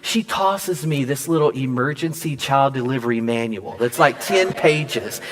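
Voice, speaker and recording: A male pastor preaching at a mid-range pitch, telling a story from his own life. He acts out each quoted line and his voice jumps high when he is surprised. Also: lively intonation, measured pace. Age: adult father. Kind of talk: sermon with personal storytelling.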